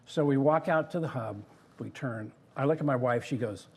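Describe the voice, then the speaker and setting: Older guy, ex theme park designer, chatty storyteller, mid pitch, slight hum behind. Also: normal speed, creaky. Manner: lively storyteller who acts out others' words. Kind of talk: casual anecdotal storytelling.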